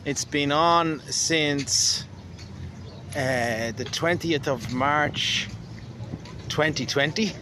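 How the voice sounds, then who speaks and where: A man's voice: a little high, extremely slow, long pauses, noisy background. A man from Ireland with an Irish accent, talking casually to camera outdoors in a wry, rambling way. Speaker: vlogger. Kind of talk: casual spoken monologue.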